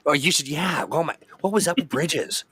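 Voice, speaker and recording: A man's voice: fairly high pitch, moderate pace, over a noisy crowd. A man hosting a casual chat, laughing often and reading viewer comments aloud. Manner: laughs often, chatty and reactive. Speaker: host.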